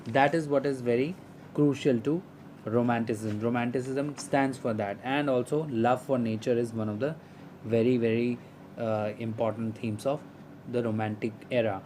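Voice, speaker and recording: A man's voice: medium pitch, fairly even intonation, normal speed, a little mellow, slight background noise, low-quality recording. A man teaching a lesson, explaining a poem at length with many fillers and restarts. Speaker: literature teacher.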